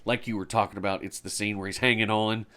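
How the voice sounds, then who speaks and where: A man's voice: fairly low pitch, level tone, fast talker, sharp tone, clear, resonant tone. Laughing male podcast co-host. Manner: laughs often, retells scenes with quoted lines. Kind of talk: casual chat about a movie.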